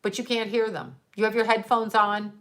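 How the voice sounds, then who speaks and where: A woman's voice: fairly high pitch, little pitch movement, normal speed, a bit bright. A middle-aged woman talks casually to viewers as a psychic medium. She is blunt and profane, laughing easily between her points. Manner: candid, profane, laughs often. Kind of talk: casual livestream chat with viewers.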